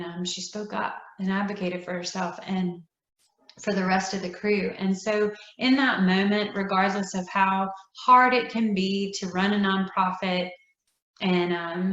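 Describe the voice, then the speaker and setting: A woman, a nonprofit's founder, telling a heartfelt story in an interview, earnest and emotional, dropping to soft near-whispers. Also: medium pitch, distant mic. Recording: roomy echo, dull lo-fi sound.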